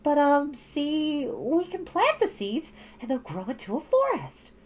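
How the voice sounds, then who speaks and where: A woman's voice: high voice, huge pitch swings, measured pace, pitched above the performer's own voice, heavily acted. A woman voicing an eager older schoolgirl who talks in a coaxing way.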